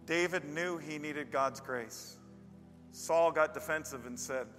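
Bright, high-voiced male pastor preaching. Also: measured pace. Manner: emphatic storyteller, building to loud peaks. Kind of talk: sermon. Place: church with a live band. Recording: long reverb of a large hall. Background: faint band music.

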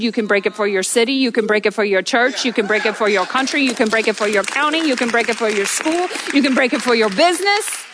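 A woman preacher delivering an energetic sermon on a church stage, telling stories with rhythmic repetition. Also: fairly high pitch, slight background noise. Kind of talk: sermon with storytelling.

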